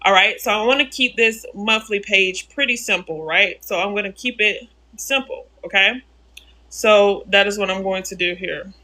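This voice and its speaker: A woman hosting a casual live-stream software tutorial, narrating each click, repeating her steps and answering the chat as she goes. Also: medium pitch, normal speed.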